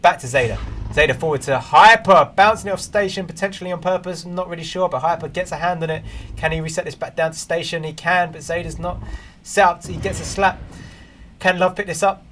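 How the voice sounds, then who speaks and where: A man casting an esports match play-by-play, close to the mic, chatting to viewers and jumping into loud bursts on big plays. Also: a little high, steady tone, a little fast, a little hiss or hum. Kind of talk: play-by-play commentary.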